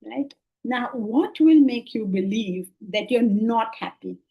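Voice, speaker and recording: A woman's voice: a little high, lively intonation, slow pace, vocal fry. A middle-aged woman, giving a spiritual discourse to a class, speaking conversationally and acting out people's replies. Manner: conversational, acts out quoted replies, laughs often. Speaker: Vedanta teacher. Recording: dull lo-fi class recording.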